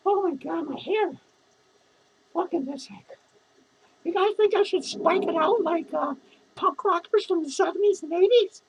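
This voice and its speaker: A woman's voice: very high voice, measured pace, long pauses, darkish tone, slight background noise, low-quality recording. A woman playing a drunk, lonely, foul-mouthed female clown who rambles and swears in a rambling character vlog. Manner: rambling, profane, giggly.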